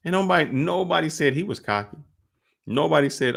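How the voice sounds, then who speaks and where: A man hosting a podcast, telling sports stories in casual talk over a call, often getting animated and loud. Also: a little high, brisk, creaky. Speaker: podcast host.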